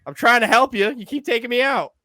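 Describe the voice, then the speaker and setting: A man hosting a casual sports podcast, loud and excitable, swearing freely. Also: very high-pitched, fast talker, no echo. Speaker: podcast host.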